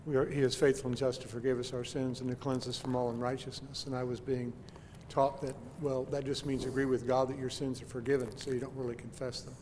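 A man in a Bible class group sharing an example in an earnest, even way. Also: mid-range voice, quick pace, hardly any pauses. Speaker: class member. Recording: faint noise, hall reverb.

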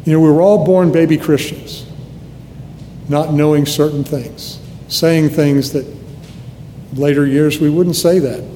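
Preaching earnestly in a conversational way that includes restarts, this Nebraskan in his seventies keeps a steady tone and measured pace, leaving long pauses. His mellow voice is pitched slightly high for a man, and the hall recording carries a long, trailing reverb over faint low noise.

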